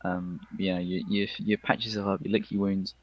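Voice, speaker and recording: A man narrating a tabletop game as game master, casual and halting, with many fillers. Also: low voice, little pitch movement, muffled recording, a crowd in the background.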